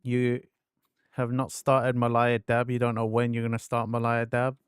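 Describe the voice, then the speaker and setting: A man's voice: mid-range voice, normal speed, smooth, no echo, studio quality. Laid-back man chatting on stream. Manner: relaxed, chatty, thanks viewers and answers chat. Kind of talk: casual gaming stream chat.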